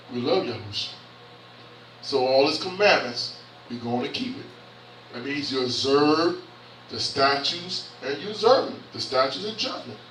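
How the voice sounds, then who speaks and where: A bishop preaches a conversational sermon in a church hall, calling out to the congregation and haltingly reading scripture aloud. His voice is fairly high and bright. The mic is far off in the echoey hall, with slight background noise.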